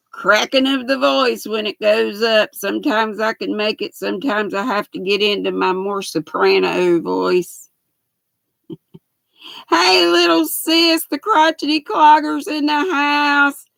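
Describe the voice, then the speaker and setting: Gravelly older woman hosting. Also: on the high side, unhurried, fairly bright tone, no echo. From United States. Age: 60s. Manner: greets viewers by name, reads chat aloud. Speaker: livestream host. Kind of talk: casual livestream chat.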